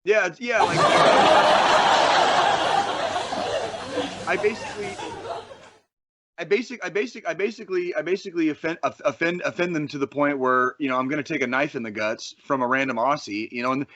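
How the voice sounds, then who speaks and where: A man from Arizona co-hosting a podcast, talking in a rambling, excitable way with plenty of swearing. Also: fairly high pitch, fast, hardly any pauses, very noisy. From Arizona, USA. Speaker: podcast co-host. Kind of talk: casual podcast chat.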